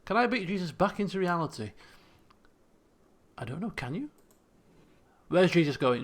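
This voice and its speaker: A man's voice: sits high, sing-song, normal speed, long pauses. A man streaming a colony sim game live, chatty and thinking aloud while talking to his chat. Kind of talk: casual live game commentary.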